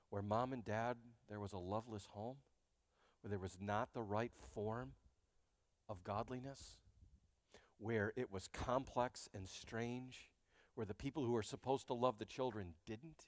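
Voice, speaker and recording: A man preaching a sermon as pastor, animated and joking, speaking straight to his congregation in a church. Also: on the low side, a little slow, long pauses, no room sound, in a large hall. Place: church sanctuary.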